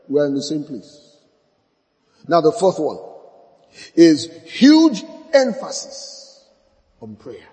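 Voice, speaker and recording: High, lively-voiced man preaching a sermon. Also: big-room sound, rough recording. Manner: emphatic, repeats key phrases for stress; acts out church members in short dialogues.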